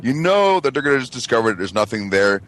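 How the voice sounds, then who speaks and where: A man's voice: mid-range voice, very animated, quick pace, a bit bright. A man co-hosting a talk radio show, ranting casually with lots of swearing and mocking. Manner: emphatic, swearing, mocking impressions. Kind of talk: casual profane chat.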